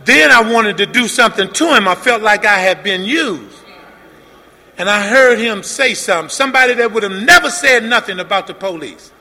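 High, gravelly man telling his story. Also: normal speed. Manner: animated storytelling, acting out both sides of dialogue, rising to shouts. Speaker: recovery meeting speaker. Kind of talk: personal testimony at a meeting. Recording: long hall reverb with faint room noise.

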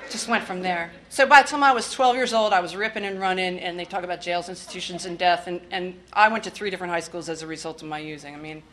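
A woman's voice: on the low side, fast, hardly any pauses, a bit bright, slight background noise. A woman from the Washington, D.C. area sharing her recovery story in a candid, blunt way with wry humor and swearing. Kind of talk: personal testimony.

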